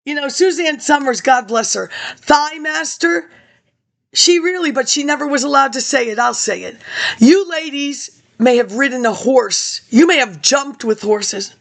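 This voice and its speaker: High-pitched woman in her fifties, rambling vlog monologue, keeps going off on tangents. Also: unhurried, gravelly. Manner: rambling, jumps between tangents, addresses viewers directly. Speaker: vlogger.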